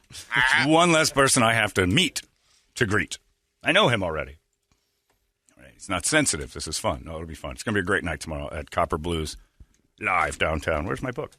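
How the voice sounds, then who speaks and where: A man's voice: low-pitched, expressive, a little fast, bright, forceful tone, dry recording. A man hosting a morning radio show, bantering casually with a joking, irreverent manner and laughing at his own stories, into a studio mic. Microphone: studio broadcast mic.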